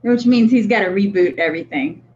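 A woman's voice: mid-range voice, lively intonation, a little fast, a little mellow. A woman co-hosting a livestream in casual chat, laughing often and reading comments aloud. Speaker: co-host of a vaping livestream. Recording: dull lo-fi stream audio.

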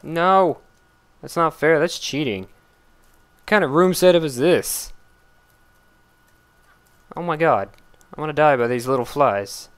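A man giving casual gameplay commentary, blurting out excited exclamations and complaints at the game as he plays. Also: on the high side, slow, pauses often, clean tone. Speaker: let's play gamer.

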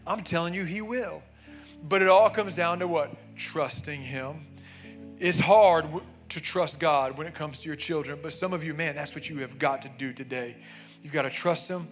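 A man's voice: fairly high pitch, normal speed, faint music behind. Emphatic man preaching a sermon. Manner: emphatic, conversational preaching with frequent "amen" and "man". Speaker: pastor. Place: church sanctuary.

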